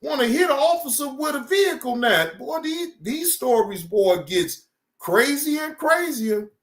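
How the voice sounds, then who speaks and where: A man hosting a reaction video, commenting loudly and casually in slang. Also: extremely high pitch, lively intonation, unhurried, heavy background noise. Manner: loud, exclaiming, slangy. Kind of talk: casual commentary over clips.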